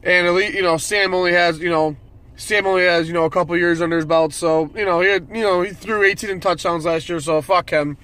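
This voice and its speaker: A man's voice: high-pitched, steady tone, brisk, fairly bright tone. A man ranting about football as a fan commentator, irritated and swearing freely. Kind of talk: solo sports rant.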